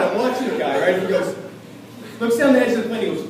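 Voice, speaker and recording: A man from a small town in Maine does a stand-up comedy set, brash and self-mocking, shouting his punchlines. His voice sits high for a man. He is picked up from far off in a very echoey club room with a crowd audible. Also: expressive, quick pace. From small town in Maine, USA. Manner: brash, loud, self-deprecating, yells punchlines.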